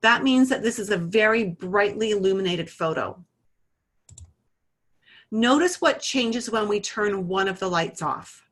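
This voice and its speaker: A woman's voice: mid-range voice, lively intonation, a little slow, a bit bright. A woman teaching iridology, walking through a client case in a conversational way and narrating a live demonstration. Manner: conversational, talks through a case story and adjusts a camera while speaking. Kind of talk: explanatory lesson with a live demonstration.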